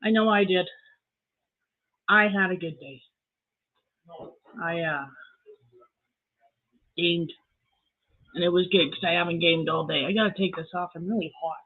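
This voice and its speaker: A woman's voice: fairly low pitch, unhurried, pauses often. Chatty Canadian woman, tinny audio. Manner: chatty, greets viewers by name. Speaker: live stream host. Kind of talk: casual live chat.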